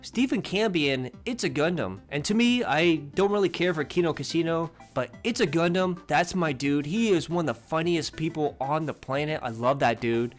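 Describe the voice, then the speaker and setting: A man's voice: on the high side, normal speed, few pauses, faint music behind. Scornful man narrating commentary. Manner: scornful, mocking. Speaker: commentary channel host.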